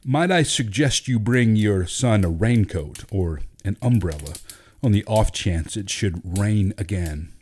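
A man's voice: on the low side, animated, a little slow, warm tone, breathy edge. A man voicing a pompous, condescending male play director who speaks coldly. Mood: snide. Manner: condescending, cold.

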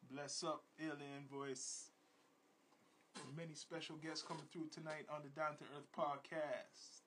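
A man hosting a podcast in casual chat, with laid-back slang and repeated shout-outs to his listeners. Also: fairly high pitch, little pitch movement, measured pace, noisy background. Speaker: podcast host.

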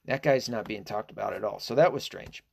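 A man's voice: on the low side, fairly quick, vocal fry, darkish tone, slightly rough. A man giving a casual, indignant opinion monologue, rambling and hesitant with many fillers, restarts and swearing. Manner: profane and indignant. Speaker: political commentator.

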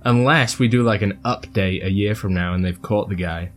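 A man's voice: fairly low pitch, moderate pace, a bit bright, faint music behind. A man hosting a casual podcast, joking and rambling as he introduces his guest. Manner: playful, rambling, jokey. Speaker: podcast host.

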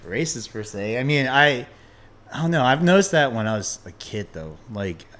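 A man's voice: medium pitch, normal speed. Laid-back man hosting a chat. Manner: relaxed, hesitant with many restarts. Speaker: podcast host. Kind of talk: casual chat.

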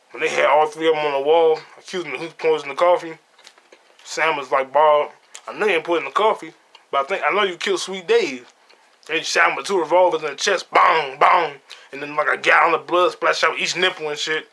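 A man with a fairly high, bright, forceful voice talks through a film he just saw, scene by scene. He is loose and profane, laughing at his own retelling as a podcast host. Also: moderate pace, gravelly. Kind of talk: casual solo movie review.

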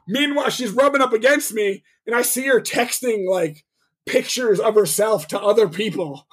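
On a podcast, a young male co-host tells a lively, curse-heavy story in a loose, casual way, acting out other people's lines as he goes. His voice is high-pitched and slightly rough, and he speaks at a normal speed.

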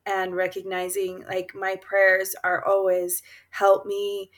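A woman's voice: mid-range voice, monotone, slow pace. A woman guest on an interview show, telling personal stories in an earnest, casual way, with many fillers and laughs. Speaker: guest author.

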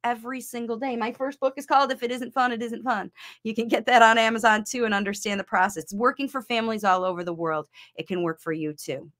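Bright, high-voiced excitable woman. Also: fast talker. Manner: emotional, excitable, gets teary. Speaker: channel host, speech coach for parents. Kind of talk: casual talk answering viewer comments.

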